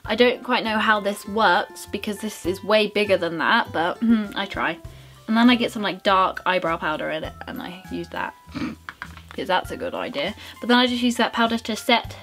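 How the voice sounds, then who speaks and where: A woman's voice: medium pitch, animated, normal speed, fairly bright tone, soft background music. A young woman talking through her makeup routine in a bubbly, rambling, self-mocking way. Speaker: beauty vlogger. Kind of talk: casual makeup tutorial chat.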